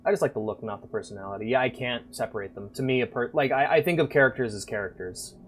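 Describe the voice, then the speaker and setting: A male game streamer jokes crudely and chats with his viewers in a mid-pitched, easygoing voice. Faint music plays under his talk. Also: fast. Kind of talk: casual live-stream chat.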